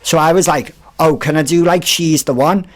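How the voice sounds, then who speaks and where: A man with a slightly high voice speaks at a normal pace. He's a podcast guest telling a casual story with animation, performing the voices of the people in it.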